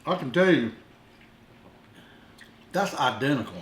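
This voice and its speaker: A man's voice: medium pitch, lively intonation, unhurried, reverberant. A man, co-hosting and taste-testing food with enthusiastic, repeated praise. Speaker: co-host taste tester. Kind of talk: casual taste-test chat. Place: home kitchen.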